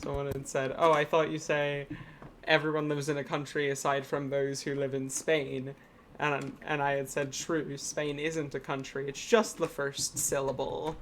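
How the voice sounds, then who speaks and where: A streamer chatting casually while playing a game, joking in a deadpan way. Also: mid-range voice, normal speed, a little hiss or hum. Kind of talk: casual gaming stream chat.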